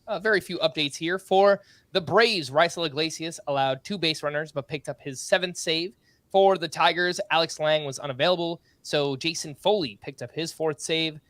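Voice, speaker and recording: Male podcast host, casual and brisk, slightly higher voice, dry close mic. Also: fairly bright tone, no room sound. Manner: brisk, laughs often, reads through stat updates. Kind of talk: casual sports podcast chat.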